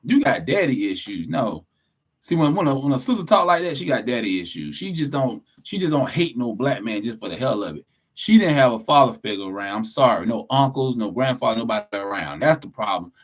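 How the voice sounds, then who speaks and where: A man's voice: lowish voice, fairly bright tone. Blunt, preachy podcast co-host man. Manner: blunt, preachy, profane, emphatic. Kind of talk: casual opinionated podcast talk.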